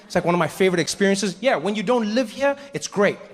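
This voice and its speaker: A man's voice: high-pitched, expressive, fast talker. A man doing stand-up comedy, telling stories in a loose, conversational way. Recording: echoey hall with live noise.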